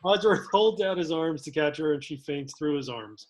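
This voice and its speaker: A man's voice: on the high side, lively intonation, normal speed. A man reading the stage directions aloud in a casual table read, laughing and stumbling now and then. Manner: reads narration with laughs and slips.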